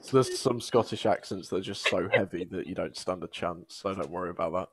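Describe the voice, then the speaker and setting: A man's voice: sits low, brisk, breathy edge. A man co-hosting a podcast, curious and asking long follow-up questions. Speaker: podcast co-host. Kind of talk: casual podcast chat.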